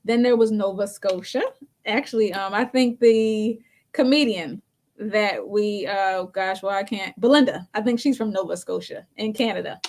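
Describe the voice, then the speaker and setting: A woman's voice: mid-range voice, moderate pace, darkish tone. A woman co-hosting a talk show, telling a story in a casual, chatty way and laughing often between phrases.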